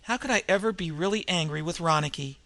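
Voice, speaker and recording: A man's voice: on the high side, fast talker, gravelly, sharp tone, no echo. A man voicing a young woman who speaks earnestly and steadily through her sadness. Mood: wistful. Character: Ruth, young woman, sad yet steady.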